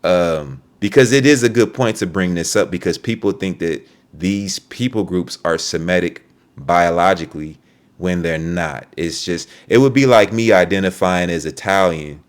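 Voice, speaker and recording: A man's voice: sits low, normal speed. A man recording a ranting commentary video, heated and profane, often repeating and restarting his words. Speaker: online video creator.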